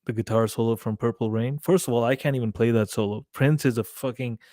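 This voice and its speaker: A man chatting as a podcast guest, telling a story with animated quoted dialogue and frequent swearing. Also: medium pitch, quick pace, dry recording, clean studio sound. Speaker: guest musician. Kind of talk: casual podcast chat.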